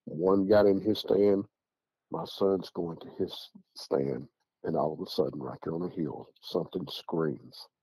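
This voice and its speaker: A man's voice: deep voice, fairly even intonation, measured pace, mellow, breathy edge, no echo. A middle-aged man from Tennessee with a Southern accent, casually recounting a story and repeating "I said" and "he said" as he rambles on. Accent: Southern American. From Tennessee, USA. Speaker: guest recounting encounters. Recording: dull, dry lo-fi audio.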